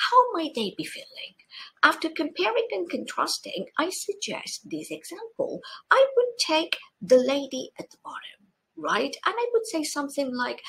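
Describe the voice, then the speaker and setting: A middle-aged woman teaching an English exam-prep lesson, expressive and playful with animated exclamations. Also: sits high, vocal fry, low-quality recording. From Spain.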